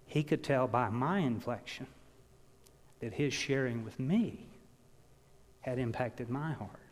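A man delivering a sermon, telling stories and swinging from loud emphasis down to hushed words. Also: mid-range voice, takes it slowly. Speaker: pastor. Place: church. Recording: long reverb of a church hall.

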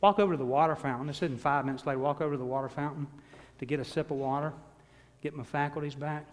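Man, 60s, pastor, sermon, animated storyteller, long hall echo. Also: a little high, quick pace. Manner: animated, self-deprecating storyteller. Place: church sanctuary. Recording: long reverb of a large hall.

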